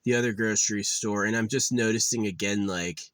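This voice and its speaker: A man's voice: on the low side, fairly even intonation, a little fast, fairly bright tone, no echo. A man vlogging in a casual, rambling rant, swearing often and sounding exasperated. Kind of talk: casual ranting monologue.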